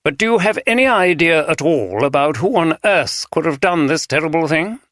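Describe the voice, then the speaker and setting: A man's voice: on the high side, expressive, normal speed, a bit bright, no echo, clean studio sound, voice pushed up. A man voicing a thin, icy archdeacon who speaks very precisely in an English RP accent. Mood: grave. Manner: very precise, refined diction. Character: tall, thin, cold male archdeacon.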